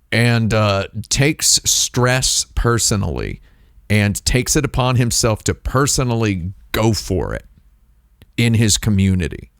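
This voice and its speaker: A playful male streamer in the middle of casual chat, unhurried and prone to tangents. His voice sits at an ordinary pitch. The sound is bone-dry, with his mouth right against the foam of the mic. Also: clean tone, no room sound. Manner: rambling, playful, jokey. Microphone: close dynamic microphone, mouth on foam.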